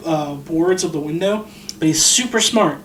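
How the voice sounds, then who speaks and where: A man's voice: fairly high pitch, moderate pace, fairly bright tone, echoey room, slight background noise. A man co-hosting a podcast, recapping a film scene by scene in casual chat, acting out the characters' lines and swearing freely. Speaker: podcast co-host.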